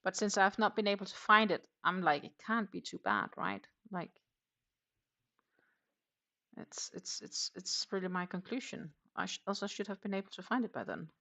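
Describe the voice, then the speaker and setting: A woman's voice: mid-range voice, expressive, normal speed, gravelly, bright, forceful tone. A woman hosting a live crochet stream, chatting in a rambling, casual way and answering viewer comments as she works. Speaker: crochet livestream host. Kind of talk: casual chat while crocheting.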